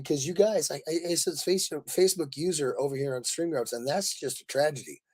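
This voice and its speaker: A man's voice: fairly high pitch, brisk, hardly any pauses, breathy edge. A man hosting a casual live stream, rambling with lots of fillers as he reads out viewer comments. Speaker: livestream host.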